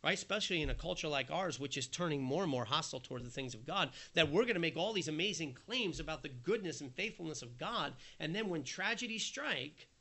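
A man preaching a sermon, earnest and conversational, dropping soft and then rising emphatic as he acts out the quoted voices. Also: a little high, lively intonation, fast talker, few pauses.

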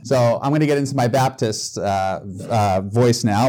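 A man's voice: medium pitch, normal speed, few pauses, darkish tone. A man preaching as a guest in a church, in a conversational, joking way with small restarts. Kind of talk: sermon.

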